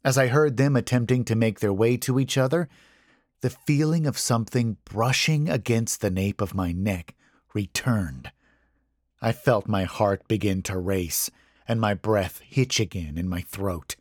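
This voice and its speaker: A man reads a horror story aloud in a low, hushed voice, tense throughout. He takes his time over every line, and the recording is dry and close with no room sound. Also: no echo. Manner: slow, hushed, tense delivery. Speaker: narrator. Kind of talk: scripted horror story narration.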